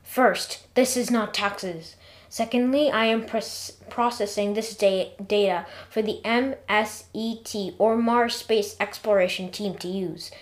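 A woman's voice: mid-range voice, steady tone, measured pace, lightly acted. Woman playing a female robot computer, matter-of-fact, dry, lightly scolding. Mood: lecturing.

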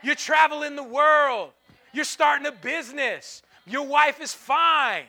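High, bright-voiced preaching man. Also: measured pace. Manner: impassioned preaching, swinging from hushed to shouted; repetitive call-and-response phrasing. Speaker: pastor. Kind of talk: sermon.

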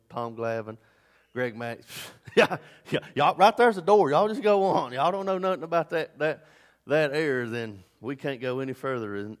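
A man preaching a sermon as pastor, swinging between loud emphatic bursts and low asides. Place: church sanctuary. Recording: long hall reverb.

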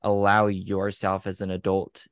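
A man's voice: low voice, completely flat delivery, unhurried, no room sound. A man co-hosting a parenting podcast, explaining at length in a casual way, often restarting words. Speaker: podcast co-host.

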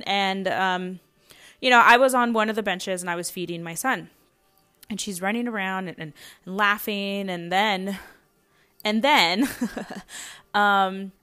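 A woman's voice: medium pitch, a little slow, pushed and bright, smooth, faint music behind. Young mother rambling through a story. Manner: rambling, many fillers and restarts, anxious retelling. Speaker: podcast host. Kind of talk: casual storytelling monologue.

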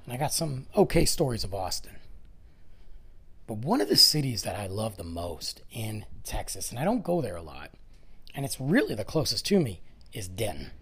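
A middle-aged man hosting a casual solo podcast, rambling conversationally with self-deprecating asides, his voice going hoarse. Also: lowish voice, big pitch swings, moderate pace, a bit bright. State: voice going hoarse, clearing throat. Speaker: podcast host. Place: lives in the Dallas area, Texas.

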